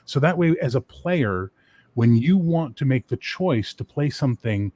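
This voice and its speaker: A man chatting casually on a gaming panel, opinionated and lively, now and then dropping into comic accents. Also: mid-range voice, a little slow. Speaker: game designer on a panel. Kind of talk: casual podcast chat.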